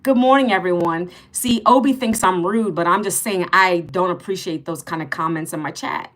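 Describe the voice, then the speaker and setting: A woman's voice: on the low side, moderate pace, a bit bright. A woman in her fifties chatting on a live stream, greeting viewers by name and answering their comments, bluntly sarcastic with rude ones. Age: 50s. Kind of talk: casual live stream chat.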